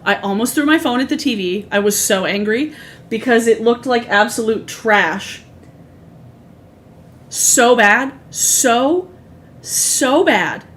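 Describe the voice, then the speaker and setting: A woman's voice: on the high side, expressive, slow, fairly bright tone. A woman in her thirties chatting casually on a livestream, rambling through asides and swearing freely. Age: 30s. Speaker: streamer. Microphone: streaming microphone.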